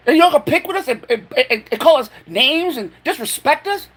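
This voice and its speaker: A man's voice: very high voice, animated, a little fast, few pauses, fairly bright tone. A man ranting furiously to camera in a home vlog, profane and stammering with anger. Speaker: vlogger.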